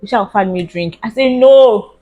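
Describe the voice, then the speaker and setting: A young woman with a Nigerian English accent tells a personal story straight to camera, lively and full of laughter. She drops Pidgin slang in as she talks, and her pitch sits in the middle of a woman's range. Soft music plays faintly underneath. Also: normal speed, phone-quality sound. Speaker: vlogger. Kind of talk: casual storytelling.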